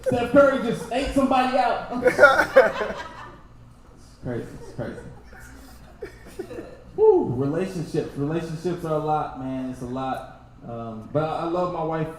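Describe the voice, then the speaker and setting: A young adult man from Texas doing a loose, laughing stand-up set that keeps jumping into loud impressions. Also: a little high, expressive, a little slow, long pauses. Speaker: stand-up comedian. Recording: very echoey room, faint noise.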